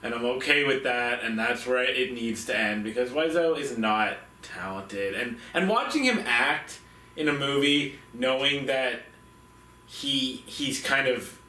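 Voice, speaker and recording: A man's voice: mid-range voice, measured pace, pushed and bright, far from the mic. A man co-hosting a movie awards show, chatting casually and dismissively about films. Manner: offhand, dismissive, laughs easily. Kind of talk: casual chat reviewing films. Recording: echoey room, a bit off mic.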